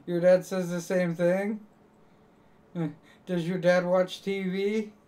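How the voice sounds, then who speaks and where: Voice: mid-range voice, level tone, extremely slow, a little mellow, recorded from a distance. A live streamer chatting casually to viewers, rambling and joking, laughing at their own jokes.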